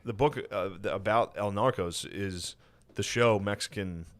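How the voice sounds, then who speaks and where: A man's voice: lowish voice, a little slow. A man co-hosting a podcast in casual, profane chat, rambling and trailing off mid-sentence. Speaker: podcast co-host.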